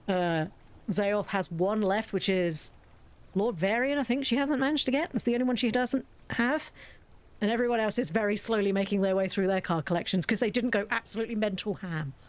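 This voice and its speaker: A woman with a British accent chatting and joking as she plays a game for viewers. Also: mid-range voice. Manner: chatty, joking, self-mocking. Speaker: streamer. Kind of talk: casual game commentary.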